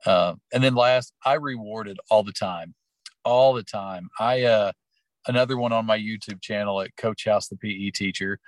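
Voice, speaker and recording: A man's voice: lowish voice, moderate pace, no room sound. A man who teaches and coaches, talking casually in an interview about his classroom, rambling with lots of fillers. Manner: chatty, storytelling, lots of fillers.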